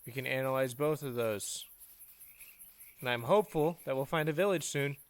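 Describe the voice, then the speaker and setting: A man's voice: mid-range voice, normal speed, no echo. A man hosting a gaming video, chatting to himself and his viewers as he plays. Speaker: gaming channel host. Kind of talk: let's play commentary.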